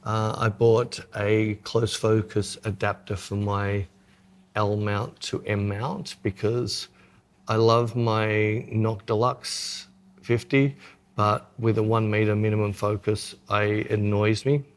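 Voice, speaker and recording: A man's voice: on the low side, little pitch movement, slow pace. A man co-hosting a podcast in casual chat, joking and self-mocking as he talks through his photography gear.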